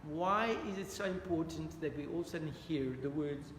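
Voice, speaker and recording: Bible study teacher, male, high voice, echoey hall with long reverb, faint background ambience. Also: a little fast, fairly bright tone, a little hiss or hum. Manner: earnest, questions the audience, repeats "dear friends". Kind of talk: interactive Bible study lesson.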